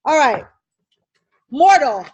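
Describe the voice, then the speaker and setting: A woman teaching an insurance licensing class, quizzing students with rapid questions and emphatic reminders. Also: high-pitched, muffled recording, a little hiss or hum. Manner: emphatic and animated. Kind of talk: classroom review lecture.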